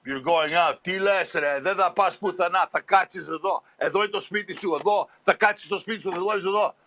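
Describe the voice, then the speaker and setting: A gruff Greek immigrant father bellows and scolds, ordering people out of his diner, as a man puts him on. The voice sits high and bright, barking each order. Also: lively intonation, normal speed, full character voice. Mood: scolding. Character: gruff immigrant Greek dad, throws customers out.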